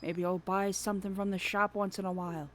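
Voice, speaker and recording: A woman voicing a gruff, hearty old fisherman who greets people loudly. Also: level tone, brisk, slight background noise, lightly acted. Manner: loud, booming sailor greetings.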